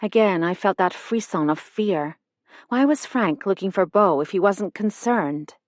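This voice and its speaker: A woman narrates a mystery audiobook in a measured, even voice. Her pitch sits in the middle range. The studio sound is dry and close. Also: no echo. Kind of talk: scripted narration.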